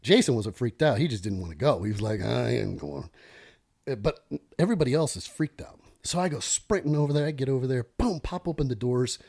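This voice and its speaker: A middle-aged man, a former police lieutenant, telling a story as a podcast guest in an animated, self-interrupting way. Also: mid-range voice, fast.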